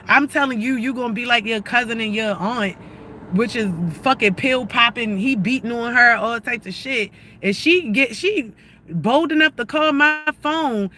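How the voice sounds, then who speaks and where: A woman's voice: on the high side, moderate pace, bright, forceful tone, soft background music. A woman giving a heated, profane, rambling rant on a live stream, often restarting her sentences. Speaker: livestreamer.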